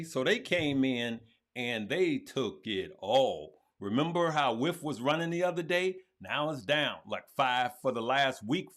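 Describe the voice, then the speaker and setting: Animated man live-streaming crypto commentary. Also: mid-range voice. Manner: animated, talks to viewers as "good people", often repeats himself.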